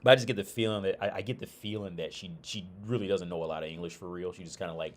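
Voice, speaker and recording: A man's voice: deep voice, steady tone, very fast. A middle-aged man from Ohio chatting casually on a livestream, rambling and swearing with frequent restarts. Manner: rambling, profane, loose restarts. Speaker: streamer.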